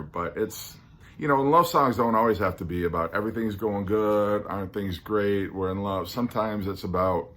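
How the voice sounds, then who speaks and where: A man with a deep, low voice hosts a casual solo podcast. He talks things through slowly and earnestly, trailing off into ums and restarting his sentences as he goes. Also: a bit bright, slight background noise. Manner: musing, hesitant, earnest, many ums and restarts. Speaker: podcast host.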